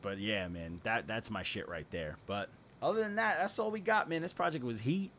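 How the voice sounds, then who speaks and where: A young man co-hosting a casual music review podcast, animated and slangy, swearing and repeating himself. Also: mid-range voice, moderate pace, a little hiss or hum. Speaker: podcast co-host.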